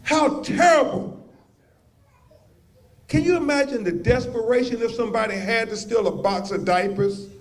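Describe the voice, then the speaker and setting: Man, attorney at a rally, preacherly oratory, high voice, slow deliberate delivery. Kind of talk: public speech.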